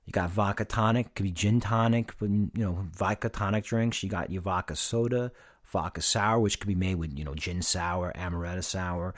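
A man teaching bartending on a casual podcast, listing drinks slowly and plainly. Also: low-pitched, steady tone. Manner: plain, instructive, lists things slowly. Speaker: bartending instructor.

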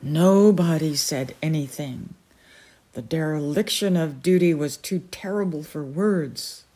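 A woman reading a novel aloud as a storyteller, slowly and gently, giving each character a voice. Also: low-pitched.

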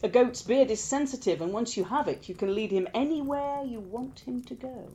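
A woman's voice: normal speed, dark tone, lightly acted. Woman doing Loki, a sly trickster god. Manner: playful, squeaky when straining.

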